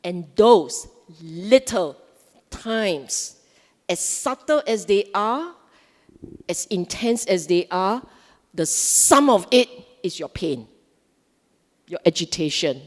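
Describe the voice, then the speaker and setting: Animated Singaporean woman giving a dharma talk. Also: mid-range voice, slow pace, pauses often, big-room sound. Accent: Singaporean English. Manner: lively, animated, asks the audience questions. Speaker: Dhamma speaker. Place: Buddhist centre hall.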